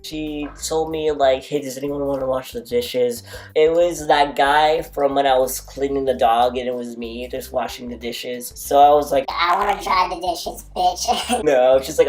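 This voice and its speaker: Rambling young man telling a storytime. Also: darkish tone. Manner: rambling, lots of "like" fillers; jumps to high squeaky voices for quotes. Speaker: storytime vlogger. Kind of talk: casual storytelling.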